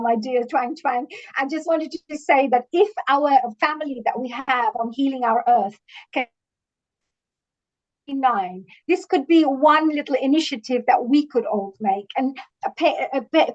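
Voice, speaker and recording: High-voiced woman on a dull video call. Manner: eager, stumbling restarts. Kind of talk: casual video-call chat.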